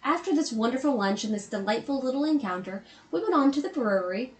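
A woman's voice: sits high, animated, fast. A pregnant woman co-hosting a travel vlog, giving tips and finishing her partner's sentences. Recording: roomy echo.

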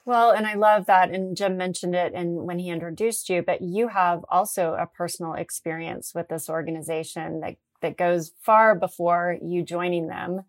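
A woman with a slightly low voice hosts a podcast interview, encouraging and affirming her guest. Her voice sounds close and dry, with no room around it. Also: steady tone, normal speed, few pauses, no echo. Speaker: podcast host.

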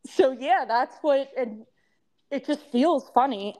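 A woman's voice: high-pitched, slow, a little mellow. A woman in her thirties with a lisp, chatting casually as a podcast co-host and rambling with frequent laughter. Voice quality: lisp from temporary crowns. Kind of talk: casual chat.

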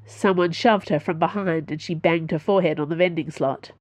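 A woman's voice: on the low side, brisk, no echo. A woman reading a novel aloud as an audiobook narrator, telling it steadily. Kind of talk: scripted narration.

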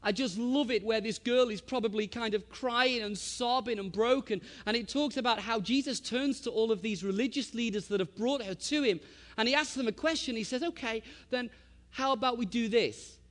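A man in his thirties preaching to a church, his voice sitting fairly high. He tells stories with animated swings, rising loud and then dropping to a hush. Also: a little fast, long reverb tail. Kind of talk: sermon with storytelling.

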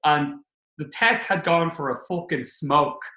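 An Irish man, a comedian, telling stories in a casual podcast chat, animated and swearing freely. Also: a little high, unhurried. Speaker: comedian guest. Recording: roomy echo.

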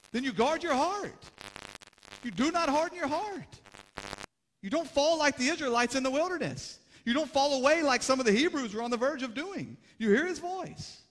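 A young adult man preaching a sermon as pastor, moving between urgent, rising exhortation and hushed, grave passages. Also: high voice. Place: church sanctuary. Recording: long hall reverb.

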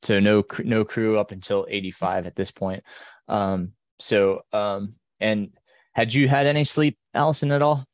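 A man with a fairly low voice hosts a relaxed podcast interview, asking questions in an easy, conversational way. He laughs readily along with his guests, and his voice sounds dry and close, with no room around it. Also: normal speed, no echo. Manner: laughs often while listening. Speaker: podcast host. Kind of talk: casual interview chat.

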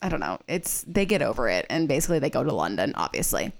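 A woman's voice: very deep voice, very animated, fast, gravelly. A young woman co-hosting a casual podcast, chatting through a movie plot with lots of "like" and frequent laughs. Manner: chatty, heavy use of "like", laughs often. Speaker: podcast co-host. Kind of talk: casual chat recapping a movie.

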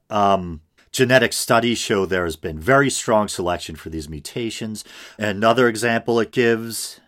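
Low-voiced man giving casual podcast commentary. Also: fairly bright tone. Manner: laughs often, reads examples aloud, self-correcting asides. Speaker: podcast host responding to a clip. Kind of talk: casual commentary over a played debate.

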